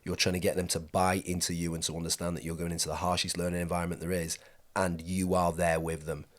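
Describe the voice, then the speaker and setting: Brief: very low male voice, emphatic coach hosting a podcast, repeats himself for stress. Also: flat delivery, quick pace. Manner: emphatic, repeats his points. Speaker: host and skydiving coach. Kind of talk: podcast conversation.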